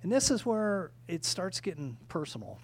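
A man preaching a sermon in a conversational way, halting with restarts and repeating key phrases. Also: sits high, big pitch swings, gravelly, breathy edge. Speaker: pastor.

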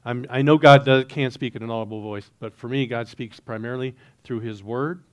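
Male pastor, middle-aged, storytelling sermon, mid-pitched voice, hushed then loud. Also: brisk, lo-fi sound. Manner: animated, swings between hushed and loud.

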